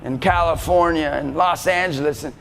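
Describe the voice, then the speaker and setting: A male motivational speaker giving an energetic talk to students, often shouting to rally them. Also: fairly high pitch, normal speed, gravelly, slight background noise. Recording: reverberant hall, faint music behind.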